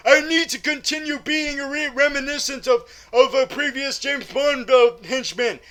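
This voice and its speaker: A man voicing a hulking brute henchman in a comic movie recap, gruff and grunting. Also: extremely high pitch, fairly even intonation, moderate pace, pushed and bright, pitched above the performer's own voice.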